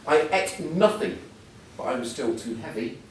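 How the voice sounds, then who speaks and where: A man's voice: mid-range voice, lively intonation, moderate pace, slight background noise. A man in his sixties giving a humorous, self-deprecating talk as a guest speaker, full of anecdotes. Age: 60s. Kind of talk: anecdotal after-dinner talk. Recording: echoey hall, mic at a distance.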